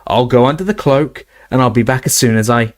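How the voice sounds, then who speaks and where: A man's voice: medium pitch, fairly quick, close to an everyday voice. Man reading an urgent teenage boy wizard. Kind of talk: audiobook character reading.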